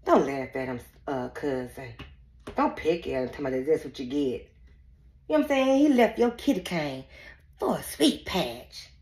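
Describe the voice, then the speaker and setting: Woman psychic reader, casual and blunt, laughs through her lines, very lively pitch, echoey room. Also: moderate pace. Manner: laughs often, blunt and profane, talks straight to viewers. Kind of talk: casual spiritual reading chat.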